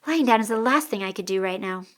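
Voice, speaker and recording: A woman's voice: mid-range voice, animated, quick pace, a bit bright, lightly acted. A woman voicing a stubborn, proud young woman who speaks irritably and emphatically in an audiobook. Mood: indignant.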